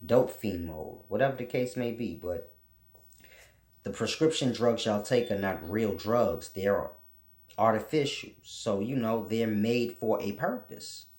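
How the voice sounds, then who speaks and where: A man's voice: lowish voice, measured pace, darkish tone, roomy sound. A man hosting his own channel, delivering a casual, preachy monologue full of blunt, profane rants. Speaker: channel host teaching spiritual ideas.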